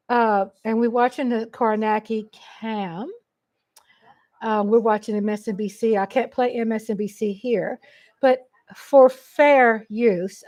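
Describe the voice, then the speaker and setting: A woman's voice: fairly high pitch, darkish tone. Chatty woman hosting a home livestream. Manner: chatty and rambling, reads viewer comments aloud; emotional, laughs often. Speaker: livestream host. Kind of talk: casual live commentary. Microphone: USB desk mic.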